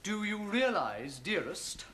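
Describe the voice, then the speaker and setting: An actor playing a bored, sarcastic young doctor who reads a script theatrically, in a 1970s TV sitcom. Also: male voice, sits high, very animated, slow pace, fairly bright tone, heavily acted. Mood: mocking. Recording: noisy old TV sitcom soundtrack.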